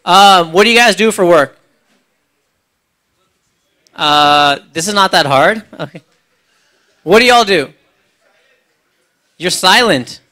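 A man doing live stand-up in a cafe on a handheld microphone, chatty and quick, ribbing the audience with tag questions. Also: high-pitched, animated, bright, forceful tone. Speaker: stand-up comedian. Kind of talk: live stand-up with crowd work.

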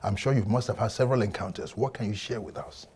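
A man's voice: on the low side, fast, darkish tone, a little hiss or hum. A man hosting a TV interview, asking questions and encouraging his guest with short affirmations. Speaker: TV interview host. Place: TV studio.

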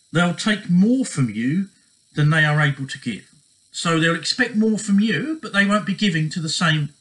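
A man's voice: medium pitch, fairly bright tone, poor audio. A man giving relationship advice in a casual monologue, earnest and repetitive, often checking in with "okay?".

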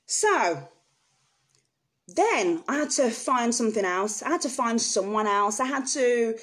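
A woman's voice: on the high side, animated, a little slow, fairly bright tone. Earnest woman telling her story. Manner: earnest and emotional, speaks frankly to viewers. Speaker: vlogger sharing personal experience. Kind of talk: candid personal storytelling to camera.

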